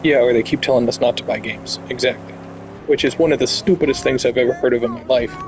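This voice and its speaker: A man's voice: mid-range voice, fairly even intonation, quick pace, darkish tone, slight background noise, poor audio. A man hosting a gaming channel, delivering blunt, profane, heated commentary over gameplay.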